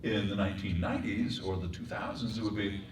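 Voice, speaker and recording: Low-voiced man lecturing in an echoey room. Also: a little fast, a little hiss or hum. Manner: demonstrates voices and accents, animated. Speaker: voice acting teacher. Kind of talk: workshop lecture. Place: performing arts center room. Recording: echoey room, mic far off.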